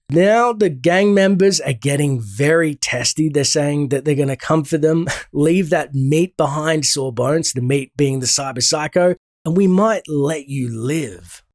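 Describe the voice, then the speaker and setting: A man recapping a comic book story in a relaxed, conversational way, thinking aloud as he goes. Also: on the high side, no echo, studio quality. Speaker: game lore channel host.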